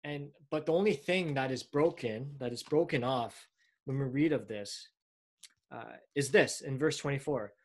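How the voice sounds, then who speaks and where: A man preaching a sermon in a conversational way, often pausing and restarting. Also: mid-range voice. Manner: conversational, with frequent fillers and restarts.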